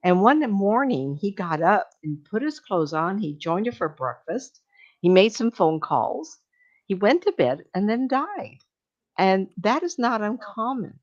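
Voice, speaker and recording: A woman's voice: on the low side, expressive, a little slow, a little mellow. An older woman, a medium, telling chatty, meandering stories to a live audience, laughing and acting out what people said. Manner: chatty, meandering storytelling with laughs and acted-out quotes. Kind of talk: storytelling talk to a live audience. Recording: dull lo-fi recording.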